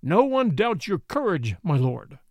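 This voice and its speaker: A bold knight answers in a measured, respectful tone, as a male narrator puts him on. The pitch is fairly high and varied, recorded close and dry. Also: big pitch swings, darkish tone, no echo, exaggerated voice. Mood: firm. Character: bold principled knight, adult man.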